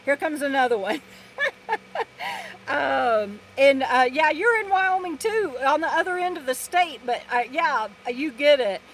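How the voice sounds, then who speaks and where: Woman, high voice, chatty live-stream host, rambling, reading comments, faint traffic noise. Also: lively intonation, unhurried, low-quality recording. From Texas. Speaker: vlogger hosting a live stream. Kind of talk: casual live-stream chat. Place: inside her RV in a parking lot. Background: loud trucks passing.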